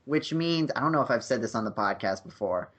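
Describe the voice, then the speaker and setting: A man's voice: medium pitch, expressive, brisk, fairly bright tone, a little hiss or hum. Rambling male podcast host on a call. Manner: rambling, many fillers and restarts. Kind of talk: casual chat. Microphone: video call.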